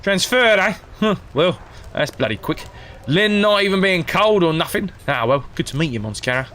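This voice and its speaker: Picture a rowdy, hard-drinking thief, gruff and loud, his voice swinging all over the place, as a man puts him on. He is chummy and rough and never bothers with manners. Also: high voice, lively intonation, moderate pace, a little hiss or hum, pitched above the performer's own voice. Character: boozy gruff middle-aged male thief.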